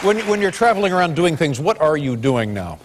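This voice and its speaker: A man's voice: a little high, sing-song, brisk, noisy background. A man in his sixties hosting a late-night talk show, wry and prone to stammering restarts. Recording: studio audience faintly audible. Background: studio audience.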